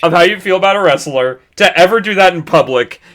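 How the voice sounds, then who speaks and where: A man's voice: high voice, animated, fairly quick, a bit bright. A young man in casual podcast banter, laughing often and swearing as he teases. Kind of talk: casual chat.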